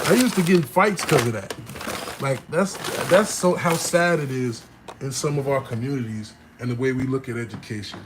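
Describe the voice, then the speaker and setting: A man casually telling his life story, often checking in with the listener, growing animated when he acts out other people. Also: mid-range voice, moderate pace, reverberant, noisy background. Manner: conversational, frequent "you know what I'm saying", animated when quoting others. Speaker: vlogger.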